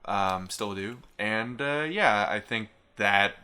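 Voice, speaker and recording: A man's voice: on the low side, takes it slowly, sharp tone, smooth. A man co-hosting a podcast, rambling in casual, profane chat. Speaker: podcast co-host.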